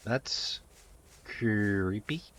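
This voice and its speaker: A man's voice: on the low side, drawn-out words, fairly bright tone, slight background noise. A man giving wry, casual commentary over a horror game, chatty and suspicious, swearing now and then. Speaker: let's-play host.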